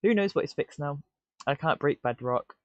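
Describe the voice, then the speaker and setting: A man streaming live, muttering to himself in excitable bursts with stammered restarts, on dull lo-fi stream audio. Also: fairly high pitch, moderate pace, dry recording. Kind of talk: casual live-stream self-talk.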